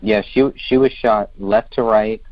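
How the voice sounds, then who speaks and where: A man with a very deep, low voice joins a casual podcast discussion. He asks questions in a halting way. The sound is muffled and lo-fi. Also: fairly even intonation.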